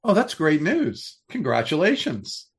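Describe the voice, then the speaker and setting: An older man co-hosting a podcast in casual chat, pitching story ideas with enthusiasm and frequent restarts. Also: wildly swooping pitch, unhurried, husky. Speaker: podcast co-host.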